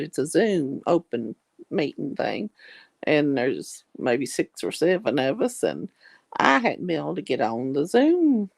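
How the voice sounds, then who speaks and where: A woman's voice: on the low side, creaky, dry recording. A woman, chatting casually on a video call in a folksy, drawling way. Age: 60s. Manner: chatty, folksy, yawning and laughing.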